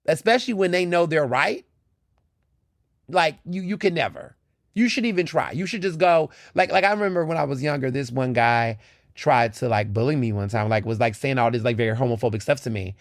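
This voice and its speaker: A man hosting his own podcast, talking in a blunt, animated, often profane monologue with laughs. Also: medium pitch, a little fast, no room sound, clean studio sound. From United States. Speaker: podcast host. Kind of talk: casual opinion monologue.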